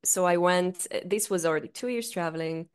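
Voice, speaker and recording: A young woman co-hosting a podcast, with a voice that sits a little low. She tells stories in a loose, casual way. She swears freely and laughs often. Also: fairly quick, clear, resonant tone. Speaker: podcast co-host. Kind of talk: casual chat.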